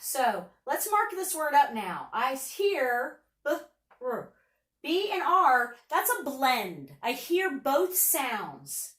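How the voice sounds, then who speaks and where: A woman's voice: fairly high pitch, reverberant, far from the mic. A woman teacher giving a patient phonics lesson, sounding out letters and words for young students.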